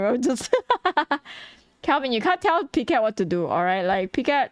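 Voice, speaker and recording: A woman's voice: mid-range voice, normal speed, no echo. Blunt chatty woman streamer, dry sound. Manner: chatty and blunt, laughs often, mimics chat questions. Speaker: streamer and artist. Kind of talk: casual livestream chat while drawing.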